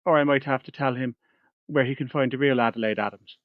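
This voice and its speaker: A man's voice: medium pitch, fairly even intonation, fast, no echo, phone-quality sound, natural voice. A man voicing a showy male stage magician, speaking in a pompous, flowery way. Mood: grand.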